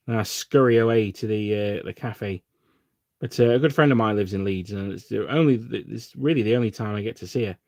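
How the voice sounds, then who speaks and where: A man's voice: mid-range voice, creaky, no echo, studio quality. A man from England hosting a casual livestream, chatting with viewers while painting miniatures and rambling with lots of fillers. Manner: rambling and self-deprecating, with frequent fillers. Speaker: livestream host.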